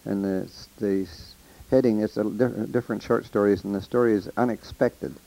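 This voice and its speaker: A man's voice: fairly low pitch, steady tone, normal speed, creaky, dark tone, low-quality recording. An older man telling rambling, folksy stories of the old days into a taped letter, with restarts and quoted voices. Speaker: storyteller recording a taped letter. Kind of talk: casual spoken reminiscence.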